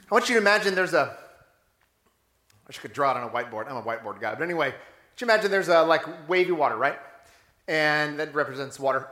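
A pastor preaches with a high, bright voice, animatedly telling a story and firing off rhetorical questions. The roomy echo around him sounds like a church sanctuary.

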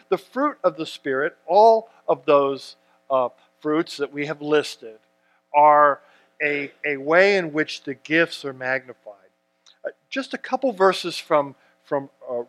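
A man delivering a sermon, his voice sitting a little high for a man. He reads scripture aloud with earnest emphasis and often restarts his phrases as he explains. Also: fairly bright tone. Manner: earnest preaching with frequent restarts and emphatic readings. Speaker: pastor.

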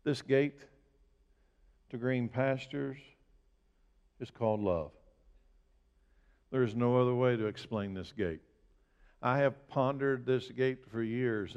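A male pastor preaching a sermon, asking his congregation direct questions and building to emphatic, loud bursts. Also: mid-range voice. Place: church sanctuary. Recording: long reverb of a large hall.

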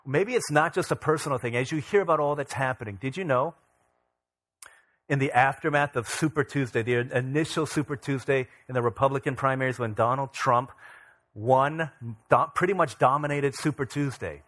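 A man's voice: medium pitch, moderate pace. Conversational male pastor preaching. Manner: conversational, animated preaching with asides. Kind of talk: sermon. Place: church.

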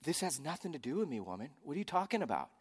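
A man's voice: a little high, big pitch swings, very fast, husky, big-room sound, full character voice. Brief: a young man brushing off his mother, sarcastic and fed up, voiced by a male preacher. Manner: sarcastic, exasperated.

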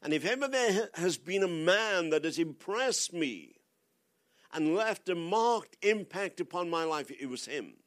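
An older man delivering a sermon at an unhurried, deliberate pace. His voice sits high for a man, and he keeps putting pointed rhetorical questions to the congregation. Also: expressive, a bit bright. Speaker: guest preacher.

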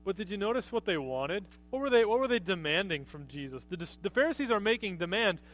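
A man's voice: high voice, sing-song, fast, fairly bright tone. A man preaching a conversational sermon as pastor, often asking his listeners rhetorical questions.

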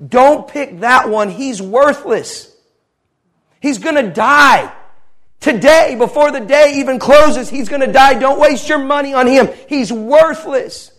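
A man's voice: very high-pitched, slow pace, fairly bright tone, pitched above the performer's own voice, exaggerated voice. A man voicing a cruel, contemptuous male jailer from a dream during a sermon. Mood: scornful. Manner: cold, contemptuous.

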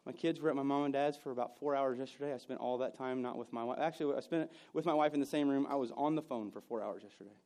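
A man preaching a sermon, telling personal stories and moving between loud bursts and hushed moments. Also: mid-range voice, quick pace, hardly any pauses. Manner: storytelling, swings from loud to hushed. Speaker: pastor.

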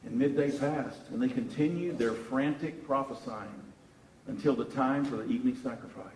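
A man preaching a sermon, telling a Bible story with animated rises and restarts. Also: medium pitch, normal speed, slight background noise. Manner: animated storytelling, repeats words while searching. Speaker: pastor. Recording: echoey room from far off.

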